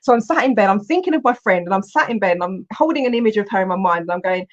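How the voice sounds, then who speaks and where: A woman, a coach telling stories in an animated way, with exclamations and restarts. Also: mid-range voice, rapid-fire, lo-fi sound. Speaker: coach and Huna teacher. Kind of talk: storytelling in a recorded online session.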